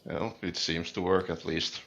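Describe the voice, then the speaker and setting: A man's voice: low-pitched, steady tone, measured pace, gravelly, fairly bright tone. A man playing in a tabletop game, laid-back and wry. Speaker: player. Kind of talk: tabletop role-play.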